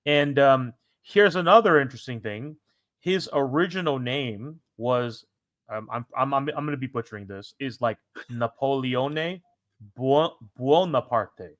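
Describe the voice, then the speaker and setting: A man's voice: mid-range voice, moderate pace, a bit bright, no echo, studio quality. A young man co-hosting a casual history podcast, a former teacher who rambles with many restarts and self-corrections. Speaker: podcast co-host.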